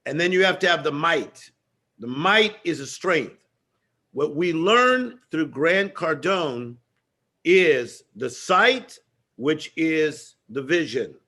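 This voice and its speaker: Forceful, higher-pitched motivational speaker man. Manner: emphatic, rhythmic, repeats phrases for effect. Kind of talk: motivational stage speech.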